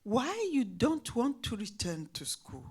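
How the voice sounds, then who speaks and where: A woman quoting a kindly older woman teacher who gently urges her on. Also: on the high side, very animated, slow pace, husky, exaggerated voice. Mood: urging.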